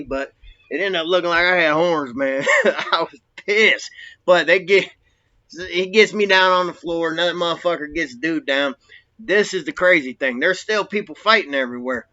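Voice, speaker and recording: A man telling his own story in a rambling, profane, animated way. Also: on the high side. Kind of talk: casual storytelling. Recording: dull lo-fi recording.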